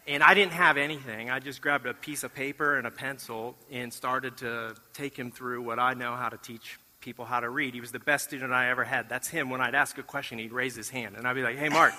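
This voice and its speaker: A middle-aged man shares a testimony from the front of a church, his voice very bright and clear. He tells the story with lively acted-out dialogue and self-deprecating jokes, and the sound rings out with the long reverb of a large hall. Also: mid-range voice, a little fast. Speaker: church mission trip speaker. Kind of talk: testimony talk to a congregation.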